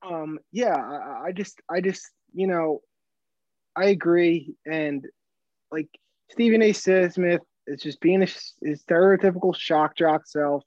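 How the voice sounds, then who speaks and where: Rambling man with a higher voice. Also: unhurried, a little mellow, dry recording. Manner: rambling, many fillers and restarts, swearing freely. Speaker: podcast co-host. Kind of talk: casual sports podcast chat. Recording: dull, dry sound.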